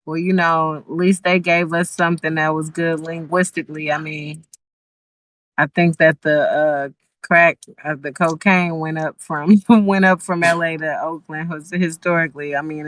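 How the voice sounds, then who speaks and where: Low-pitched with little pitch movement, a woman from Los Angeles, USA, who is a guest musician, chats casually at a moderate pace over a video call. She's talkative and thoughtful, restarting many times. The recording is rough, with no echo.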